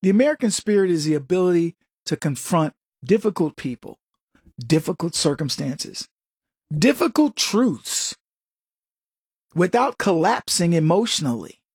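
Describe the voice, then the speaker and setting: A middle-aged man delivers a pointed political monologue with a slightly husky edge to his voice. His pitch swings up and down freely as he mocks and preaches, and the sound is close and dry, with no room around it. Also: animated, moderate pace, darkish tone, no echo. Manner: sarcastic, preachy, addresses listeners as folks. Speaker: political commentary host. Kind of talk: opinionated monologue.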